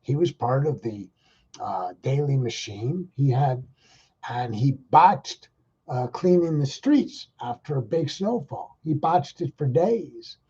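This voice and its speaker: A man's voice: medium pitch, lively intonation, slow, warm tone, breathy edge, highs cut off. A man hosting his own show, ranting in a rambling, exasperated, profane way. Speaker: podcast host. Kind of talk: casual ranting monologue.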